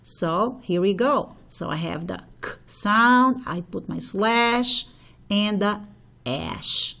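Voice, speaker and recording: A woman teaches a phonology lesson at an unhurried, measured pace. She walks through each example step by step, pausing to check in with her students. Her voice sits at an ordinary middle pitch. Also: animated, vocal fry, sharp tone. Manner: slow, step-by-step explaining with frequent "okay?" checks.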